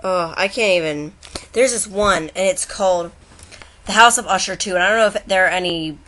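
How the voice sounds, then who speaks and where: A woman's voice: lowish voice, fairly quick, pushed and bright. A young woman chatting casually to her camera at home, rambling, with restarts and asides. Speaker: vlogger. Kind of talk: casual chat.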